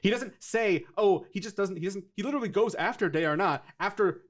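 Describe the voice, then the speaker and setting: A man's voice: sits high, brisk. A man co-hosting a casual movie review chat, sarcastic and exasperated, swearing freely. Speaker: podcast co-host.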